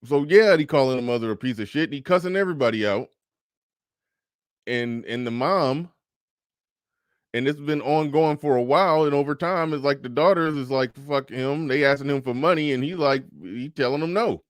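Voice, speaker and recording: Man, casual profane commentary, crisp voice, dry room. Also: medium pitch, moderate pace, dry recording. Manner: casual, profane, reads posts aloud in changing voices. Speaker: commentary host. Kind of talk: reaction commentary.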